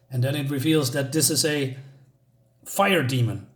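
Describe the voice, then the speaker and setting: A man's voice: mid-range voice, unhurried. A man giving a casual spoken comic review, hesitant with many restarts and enthusiastic asides.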